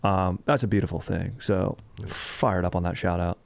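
A man's voice: low-pitched, steady tone, moderate pace, creaky, dry recording. A man hosting a comedy podcast, rambling and joking in laid-back skater slang. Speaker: podcast host.

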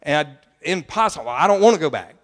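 A man's voice: fairly high pitch, big pitch swings, fast talker, big-room sound. A middle-aged man, preaching a sermon as pastor in an emphatic, folksy way. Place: church sanctuary.

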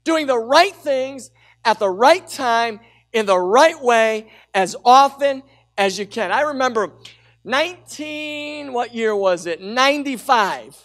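A middle-aged man preaching a sermon as pastor, telling a personal story with lively energy and urging the congregation to call out. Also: very high voice, slow pace. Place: church sanctuary with a congregation.

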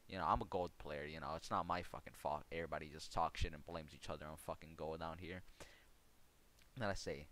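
Young streamer guy ranting, swears nonstop, low voice, sarcastic. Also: a bit bright. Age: young adult. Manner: rapid mocking storytelling. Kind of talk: profane gaming rant.

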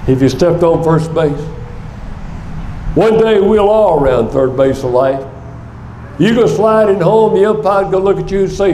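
An older man preaching a sermon in a church, telling a story with animated energy. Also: sits high, measured pace, pauses often, a little hiss or hum. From United States. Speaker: guest speaker. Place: church sanctuary. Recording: echoey church sanctuary.

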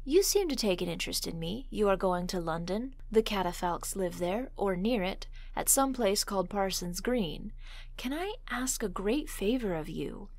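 A woman's voice: mid-range voice, animated, moderate pace, darkish tone, dry recording. A woman voicing a petulant, timid young male suitor in a storybook reading, pleading and fussy.

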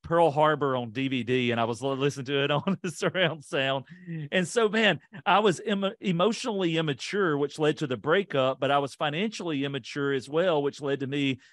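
A man guesting on a podcast, telling a self-deprecating story from his past in an animated, casual way and voicing the people in it. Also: fairly high pitch, no room sound, studio quality. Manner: quick, lively retelling with voiced quotes.

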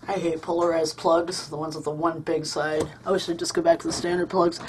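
A woman's voice: low voice, flat delivery, brisk, few pauses, slight background noise. A woman hosting a casual craft vlog at home, gushing and chatty with lots of ums and uhs. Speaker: crafting channel host.

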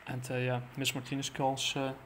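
A man casually recapping a comic book plot, halting and full of fillers and restarts. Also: mid-range voice, completely flat delivery, a bit bright, slight background noise.

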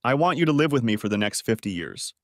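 A man's voice: medium pitch, big pitch swings, quick pace, no echo, studio quality. A man reading the part of a tearful, apologetic wife who pleads with her husband, his voice raised for her. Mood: pleading.

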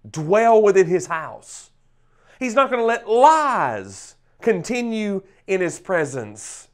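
A man giving a short devotional talk on scripture, emphatic, with pauses and swells in loudness. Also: fairly high pitch. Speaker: preacher.

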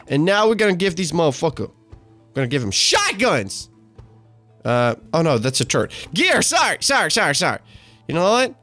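A young man commentating gameplay, excitable, cursing freely and swinging between shouts and mutters. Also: high voice, no echo. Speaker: gaming YouTuber.

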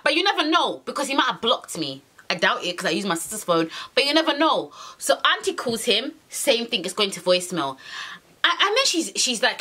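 A young woman telling a storytime to camera in an animated, exasperated way, repeating her phrases and using slang. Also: fairly high pitch. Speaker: vlogger. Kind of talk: storytime monologue.

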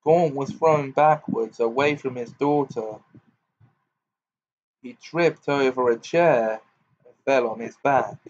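A man reading a novel aloud as audiobook narration, in a measured, even way. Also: mid-range voice, dull audio. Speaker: reader.

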